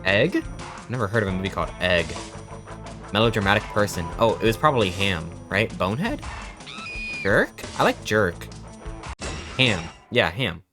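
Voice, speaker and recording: A young man streams a trivia game with a low voice that leaps up and down when he reacts. He mutters guesses, then bursts out in excitement, with faint game music behind. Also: moderate pace, pauses often. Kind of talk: live-stream gameplay commentary.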